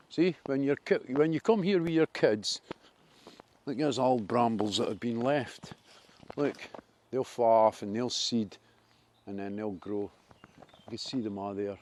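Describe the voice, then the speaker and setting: A man's voice: fairly low pitch, a little mellow. A man with a Scottish accent chatting casually as he walks through a wooded park, enthusiastic and rambling about trees and nature. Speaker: vlogger. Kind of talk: casual walking commentary.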